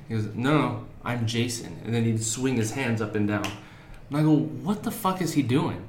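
A man's voice: medium pitch, moderate pace, a little hiss or hum. A man, a teacher of young children, chatting casually as a podcast co-host and telling anecdotes with swearing and acted-out voices. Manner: animated storyteller, acts out voices in anecdotes. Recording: echoey room with faint ambience.

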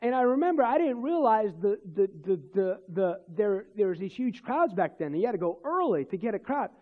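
A man with a notably high voice tells a personal faith story in a loose, meandering way, circling back and restarting his sentences. He laughs softly between thoughts, speaking as a minister in conversation. The sound is dull and lo-fi. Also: very animated, fairly quick. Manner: rambling storytelling with restarts and chuckles.

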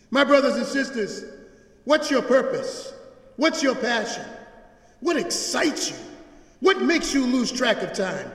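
A man delivers a sermon in a large church, his fairly high voice rising to emphatic peaks and falling to hushed lows. His preaching has a rhythmic call-and-response pull, and the sound rings out with a long, roomy reverb. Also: sing-song, unhurried. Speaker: pastor. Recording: echoey church hall.

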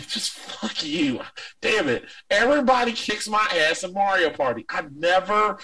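A man hosting a casual chat with friends, animated, laughing often and swearing freely. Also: sits high, a little slow, distant mic, low-quality recording. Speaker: podcast host.

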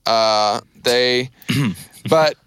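A man's voice: mid-range voice, very slow, fairly bright tone, clean tone, dry recording, studio quality. A man in his thirties hosting a podcast, recapping a movie in a rambling, casual chat full of fillers and restarts. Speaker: podcast host.

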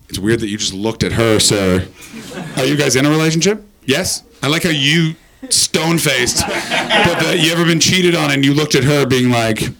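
A man's voice: mid-range voice, creaky. A man hosting a live comedy podcast, joking crudely and teasing the audience. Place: live show venue with an audience.

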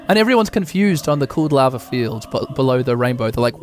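A man hosting a podcast, giving an irreverent, profane, enthusiastic play-by-play of an opera, his voice a bit hoarse. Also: medium pitch, big pitch swings, quick pace, hardly any pauses. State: hoarse, recovering throat. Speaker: podcast host. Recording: opera music playing behind.

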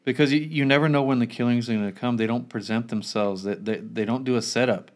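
A man's voice: medium pitch, fairly even intonation, quick pace. A man in casual conversation about a film, earnest and reflective, often repeating a word as he starts a thought.

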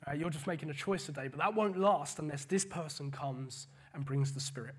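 Man preaching, husky voice, fairly high pitch, lively and repetitive. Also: brisk. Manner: animated, repeats words, quotes scripture in paraphrase. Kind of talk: casual sermon.

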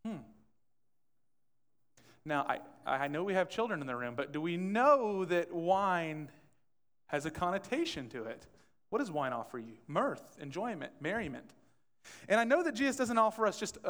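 A man's voice: high-pitched, very animated, normal speed, a bit bright. A man preaching a conversational sermon as pastor, acting out quotes and asking the room questions. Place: church sanctuary. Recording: long church hall reverb.

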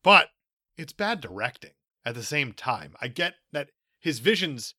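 A man co-hosting a casual movie podcast, with a bright, forceful voice that swings widely in pitch. He talks in an emphatic, opinionated way and laughs often. The sound is dry and close, with no room in it. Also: very animated, a little slow, no echo. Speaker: podcast co-host.

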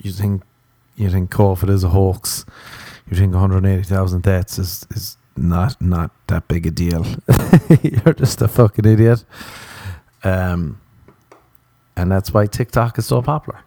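A man rants through a comedic podcast monologue, crude and sarcastic, swearing freely. His voice sits low and mellow. The sound is dry and close, with no room around it. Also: unhurried, dry recording. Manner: crude ranting, profane, sarcastic. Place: Los Angeles home recording.

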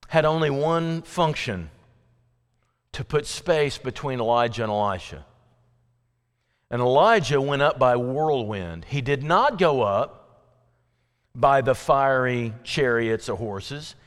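A man preaching an evening sermon in a chatty, conversational way, asking his listeners questions and acting out quoted voices. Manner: acts out quoted voices with sudden pitch jumps. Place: church sanctuary. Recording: long hall reverb.

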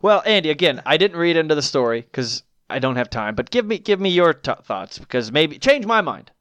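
Podcast co-host, male, contrarian and teasing; smooth voice, dry close sound. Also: fairly high pitch, very animated, brisk, fairly bright tone, no echo, dull audio. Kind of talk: casual chat.

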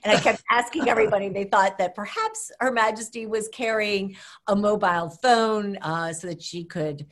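A woman, a former government official, tells an animated story in an interview and acts out the voices of the people in it. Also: mid-range voice, normal speed. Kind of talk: animated anecdote telling.

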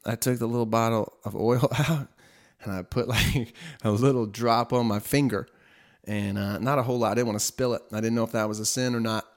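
A man's voice: medium pitch, fairly even intonation, brisk. A young man casually telling a personal faith story, chatty and self-mocking, filling his talk with "like" and "right?". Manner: chatty, with frequent "like" and "right?", laughing at himself. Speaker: storyteller sharing a faith testimony.

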